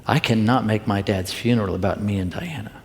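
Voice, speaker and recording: A man's voice: on the low side, a little fast, slight background noise. A middle-aged male minister giving a conversational, confessional Sunday talk with playful asides to the congregation. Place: church sanctuary. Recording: long hall reverb.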